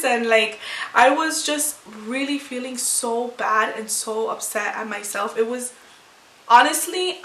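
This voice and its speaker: Bright-voiced young woman vlogger, echoey room. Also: on the high side, a little hiss or hum. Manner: rambling, emotional retelling with many restarts. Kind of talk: casual storytelling to camera. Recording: echoey room, far from mic.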